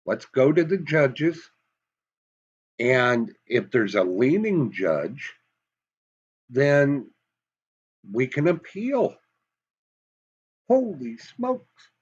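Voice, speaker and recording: Slow, animated man from Massachusetts. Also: medium pitch, breathy edge, dull audio. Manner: emphatic, folksy, asks rhetorical questions. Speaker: commentary vlogger. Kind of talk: opinion monologue to camera.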